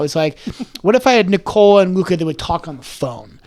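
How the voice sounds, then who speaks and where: A young man in his twenties telling stories as a podcast guest. He is animated and rambling, and keeps slipping into character voices. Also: high-pitched, normal speed. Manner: rambling, with many restarts and "like"s. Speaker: guest, comedy content creator. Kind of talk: casual podcast chat.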